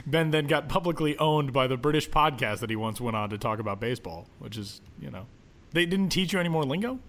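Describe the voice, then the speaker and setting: A man's voice: medium pitch, lively intonation, fast, a bit bright. A man hosting a baseball podcast, chatting casually and laughing often. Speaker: podcast host.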